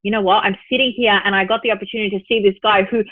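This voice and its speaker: A woman's voice: mid-range voice, very fast, no room sound. Woman, podcast guest, storytelling, phone-line sound, dry. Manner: animated storytelling, acts out her own thoughts. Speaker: spiritual teacher, guest. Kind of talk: podcast interview.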